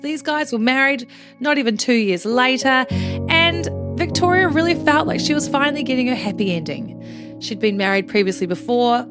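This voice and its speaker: Chatty woman telling a crime story. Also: high-pitched. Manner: chatty, swears, jokes. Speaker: podcast host.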